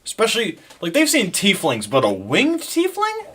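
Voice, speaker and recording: A man running a tabletop session as game master. He talks in a quick, chatty way, and his pitch moves a lot as he narrates and calls for rolls. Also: wildly swooping pitch, a crowd in the background.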